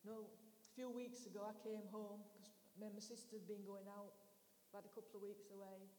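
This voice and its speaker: A woman's voice: mid-range voice, little pitch movement, brisk, dark tone. A middle-aged woman giving a conversational sermon in a church hall, telling homely personal stories in a chatty way. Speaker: preacher. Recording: echoey church hall with faint hiss.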